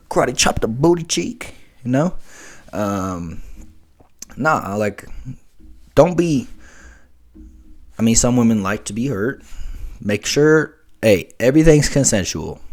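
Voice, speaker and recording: A man's voice: medium pitch, a little mellow. A young man talking frankly in casual chat on his own vlog, slangy and laid-back. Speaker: vlogger host.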